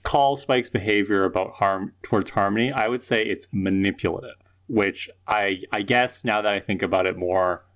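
A man's voice: on the low side, moderate pace, fairly bright tone. A man co-hosting a casual podcast, working out his views aloud with restarts. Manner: thinks aloud with repeated restarts. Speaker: podcast co-host. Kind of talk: casual chat, reflective commentary.

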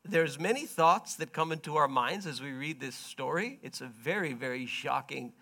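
A man delivers a sermon in a fairly high voice with a gravelly, creaky edge. He retells a story dramatically, dropping to a low murmur, then rising into loud, emphatic bursts. He stops often to explain in plain, everyday words. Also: expressive, moderate pace. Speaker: preacher.

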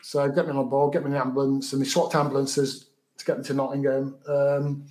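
A man, a guest in an interview, recounting a story in a halting, matter-of-fact way with many repeated words. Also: medium pitch, little pitch movement, warm tone.

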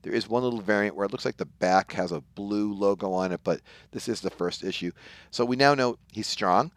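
A man's voice: fairly low pitch, fairly quick, no echo. A man co-hosting a casual talk show, retelling a comic book plot and briefly acting out the characters' lines. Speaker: podcast co-host.

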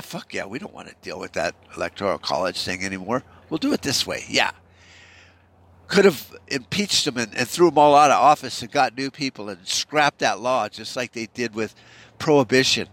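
A man's voice: medium pitch, fairly bright tone. A man hosting a podcast, delivering an angry, profanity-heavy political rant full of stammered restarts. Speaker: podcast host.

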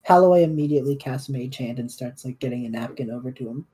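A woman playing a tabletop game, chatting in an animated, joking way. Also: extremely low pitch, quick pace, husky. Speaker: player.

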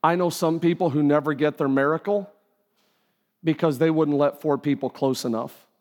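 A man's voice: fairly high pitch, moderate pace, a little mellow. A man preaching a sermon as pastor, talking conversationally, acting out quoted voices. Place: church auditorium. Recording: live hall with long reverb.

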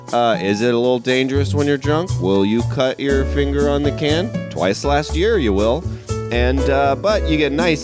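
A man co-hosting a comedy podcast, reading a deadpan mock advertisement and joking around with his roommates. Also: mid-range voice. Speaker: podcast co-host. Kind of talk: casual comedic podcast chat.

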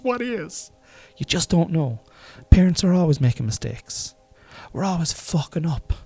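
A man's voice: on the low side, a little mellow, slightly rough. An Irish man in his forties telling family stories casually, swearing and laughing at himself. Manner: swearing, laughing, self-deprecating. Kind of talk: casual storytelling monologue.

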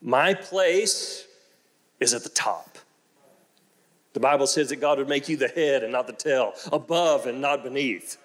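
A preaching man telling a story. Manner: shifts from slow, low storytelling to loud, excited exclamations; repeats phrases for emphasis. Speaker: pastor. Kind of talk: storytelling sermon.

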